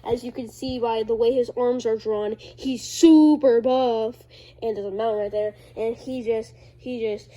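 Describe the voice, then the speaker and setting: A woman's voice: a little high, steady tone, a little slow, mellow, highs cut off. A woman casually showing her own comic drawings, rambling with many fillers and unsure asides. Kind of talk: casual show-and-tell narration.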